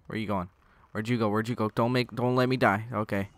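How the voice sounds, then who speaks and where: A young man riffing his way through a gameplay session, rambling and cursing and heckling whoever is on screen. His voice sits fairly low and comes through smooth and clean on a headset mic. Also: steady tone, moderate pace, dry recording. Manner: rambling, joking, swearing, talking to enemies. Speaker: gaming channel host. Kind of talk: casual gameplay commentary. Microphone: gaming headset.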